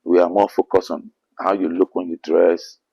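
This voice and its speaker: Ghanaian apostle guy, super low gravelly voice, kinda husky, preachy and earnest. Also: flat delivery, moderate pace, lo-fi sound. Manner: earnest, quotes scripture, rising to emphatic bursts. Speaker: apostle being interviewed. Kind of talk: preachy interview answers.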